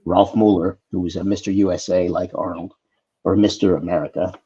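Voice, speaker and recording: A middle-aged actor telling casual behind-the-scenes stories as a talk show guest, with animated storytelling. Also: male voice, low voice, a little fast, slightly rough, highs cut off. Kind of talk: casual anecdotes on a video call talk show.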